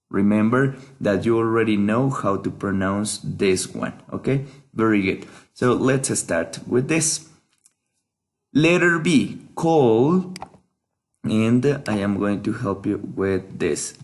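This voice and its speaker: Slow, patient male teacher. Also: mid-range voice. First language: Spanish. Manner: slow, patient, repeats each word for pronunciation. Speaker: English teacher. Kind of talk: workbook lesson walkthrough.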